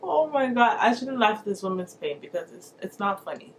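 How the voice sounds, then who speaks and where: A woman hosting a reaction video, commenting in a playful, sassy and animated way. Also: medium pitch, brisk, hardly any pauses, faint music behind.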